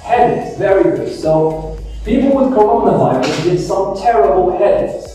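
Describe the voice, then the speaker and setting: A man's voice: sits high, expressive, moderate pace, dark tone. A male teacher giving a classroom lesson, patiently quizzing students and repeating their answers. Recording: echoey classroom from far off, faint music.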